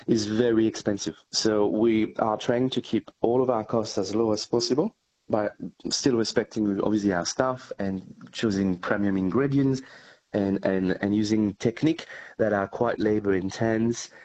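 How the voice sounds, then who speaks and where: A man's voice: lowish voice, steady tone, moderate pace, darkish tone, rough recording. A man with a French accent, a cheesemaker answering interview questions earnestly, with small fillers and restarts.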